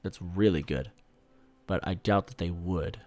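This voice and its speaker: A man giving casual, swear-laced commentary while playing a strategy game, bursting out loudly when things go wrong. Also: low-pitched, unhurried. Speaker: gaming YouTuber.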